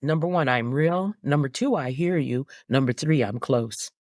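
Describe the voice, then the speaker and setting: A woman's voice: a bass voice, moderate pace, darkish tone, dry recording, studio quality. A woman hosting a faith podcast, speaking in a reflective, encouraging way to her guest. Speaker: podcast host.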